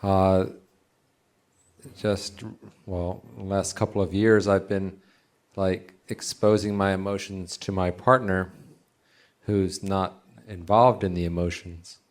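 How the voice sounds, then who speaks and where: A man's voice: sits low, little pitch movement, slow pace. A man in the audience asking a spiritual teacher a question, hesitant and full of restarts. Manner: hesitant, many restarts and fillers. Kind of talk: halting question from the floor. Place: meeting hall, in the audience.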